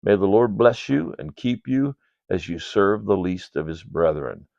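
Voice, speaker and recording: Older man, very low gravelly voice. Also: expressive, measured pace, a little mellow, no room sound. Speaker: ministry leader reporting to donors. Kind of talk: read-aloud ministry report. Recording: dull, dry lo-fi sound.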